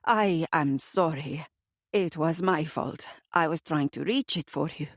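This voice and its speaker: A polite young Italian man who speaks with careful, formal phrasing, his voice sitting on the low side. It is dry and close. A woman reads him in an audiobook. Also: unhurried, no echo.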